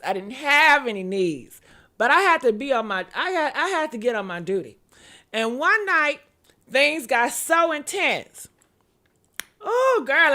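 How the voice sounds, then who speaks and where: A young woman hosting a show, telling a story in casual chat, dramatic and laughing loudly as she goes. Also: sits high. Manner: loud, laughing, dramatic retelling. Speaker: show host.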